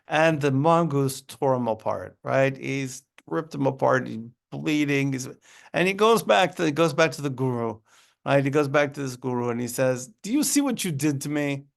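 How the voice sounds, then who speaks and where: A man teaches a text study class in a gravelly, mid-pitched voice. He talks conversationally, thinks aloud and drops wry asides. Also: normal speed. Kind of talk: informal lesson.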